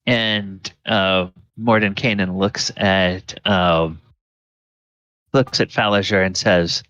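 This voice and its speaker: Deep, slow-talking game master. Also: male voice, fairly even intonation, sharp tone, dry recording, muffled recording. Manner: halting, filler-heavy description. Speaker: dungeon master. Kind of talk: narrating a tabletop game.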